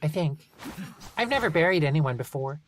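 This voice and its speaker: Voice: medium pitch, lively intonation, moderate pace, noisy background, voice pushed up, close to an everyday voice. A reader voicing a haughty, blunt, bearded female garden gnome with a grim streak, in an audiobook reading. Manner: haughty, blunt, matter-of-fact.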